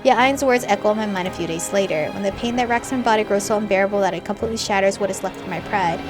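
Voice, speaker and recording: A young woman reading a visual novel aloud and reacting with loud, animated outbursts between the narration. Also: mid-range voice, quick pace. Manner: expressive, jumps to loud excited reactions. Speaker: gamer. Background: faint game music.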